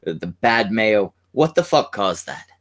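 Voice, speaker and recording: A man's voice: on the low side, big pitch swings, takes it slowly, a bit bright. A man co-hosting a stream in casual chat, bluntly pressing with repeated questions.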